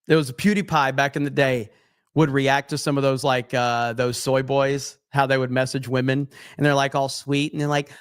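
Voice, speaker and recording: A man's voice: medium pitch, flat delivery, normal speed, clean tone, no echo, studio quality. A man commenting casually and bluntly on a live stream, cursing freely and reading viewer comments aloud. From USA.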